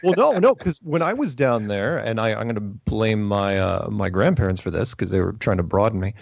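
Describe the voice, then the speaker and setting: A man's voice: on the low side, animated, a little fast, gravelly, dry recording. A middle-aged man hosting a casual chat, rambling with lots of restarts. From United States. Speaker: podcast host. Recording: dull lo-fi sound.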